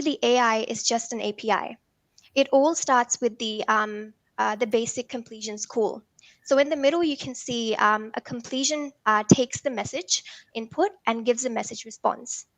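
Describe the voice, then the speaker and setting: Higher-voiced woman presenting a tech workshop. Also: a bit bright, no room sound. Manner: explanatory, frequent um and uh fillers.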